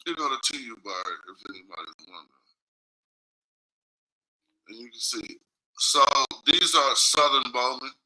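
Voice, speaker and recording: A man's voice: mid-range voice, animated, unhurried, pauses often, bright, forceful tone, poor audio. A man streaming in casual talk, reading from his screen and explaining loosely while checking in with viewers. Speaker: streamer in a played clip.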